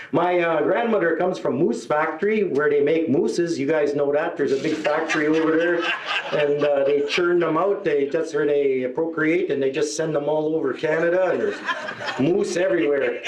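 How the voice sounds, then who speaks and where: A man doing a live stand-up set, telling rambling deadpan stories and chuckling at his own jokes. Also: on the high side, a little hiss or hum. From Northern Ontario. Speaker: stand-up comedian. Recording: roomy hall, mic at a distance.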